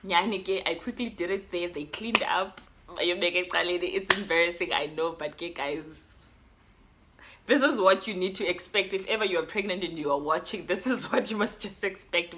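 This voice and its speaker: A young South African woman with a South African accent, telling a personal story in an animated, code-switching way. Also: on the low side, a little hiss or hum. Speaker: YouTuber. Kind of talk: storytime vlog.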